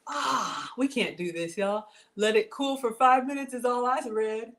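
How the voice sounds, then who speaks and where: A woman's voice: a little high, measured pace, fairly bright tone. Chatty woman hosting a kitchen livestream. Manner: chatty, talks straight to viewers, reads out comments. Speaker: cooking channel host. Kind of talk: live-stream cooking chat. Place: home kitchen.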